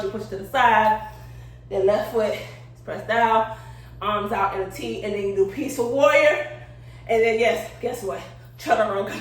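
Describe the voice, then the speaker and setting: Breathless woman vlogger, slightly high, chatty and laughing, recorded from a distance in a very echoey room. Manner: laughing often, chatty, informal. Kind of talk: casual vlog demonstration. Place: room indoors, demonstrating yoga poses. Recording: very echoey room, somewhat far from the mic.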